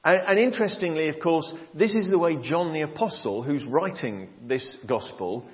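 A man preaching a sermon, explaining a Bible passage to his congregation in a measured way. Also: on the high side, animated. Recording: long hall reverb, dull lo-fi sound.

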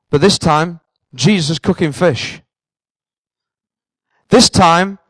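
A male preacher with a fairly high voice delivering an earnest sermon that builds into fervent passion. The sound is dry and close, with no room echo. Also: a bit bright.

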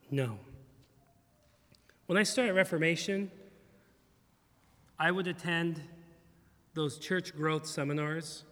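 A middle-aged man, a pastor, preaching a sermon in a church in an animated, humorous way, acting out bits of dialogue. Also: on the high side, slow, pauses often, big-room sound. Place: church sanctuary.

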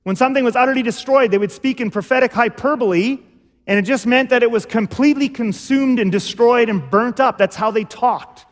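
High-voiced male pastor preaching. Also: a little fast, long reverb tail. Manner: explanatory, repeats "okay?" to check understanding. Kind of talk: sermon. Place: church.

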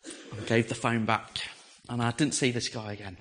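An English man preaching, telling a personal story with lively, animated delivery and acting out the voices he quotes. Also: mid-range voice, moderate pace, slight background noise. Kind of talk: storytelling sermon.

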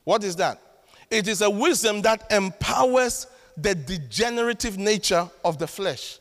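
A man with a high voice delivers a sermon as a pastor. He preaches emphatically, bursting out loudly at times and dropping into dry asides. His voice rings with the long reverb of a large hall. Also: animated, unhurried.

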